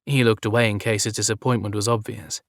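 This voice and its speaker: A man reading a romance story aloud as narrator in an even, measured way. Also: lowish voice, dry recording, clean studio sound.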